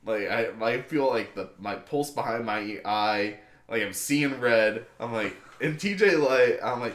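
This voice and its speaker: A young man co-hosting a casual podcast, telling an animated story with swearing and acted-out angry quotes. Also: mid-range voice, measured pace. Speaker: podcast co-host. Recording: echoey room.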